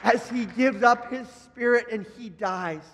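A man preaching a Good Friday sermon with passion, dropping to a hush and then rising loud. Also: very high-pitched, a little slow, big-room sound, a faint crowd, slight background noise. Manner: impassioned preaching, swinging from hushed to loud. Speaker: pastor.

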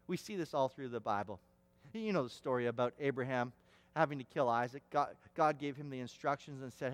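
A man's voice: sits high, moderate pace. A man preaching a sermon as pastor, emphatic and repeating words for stress, with a long hall reverb.

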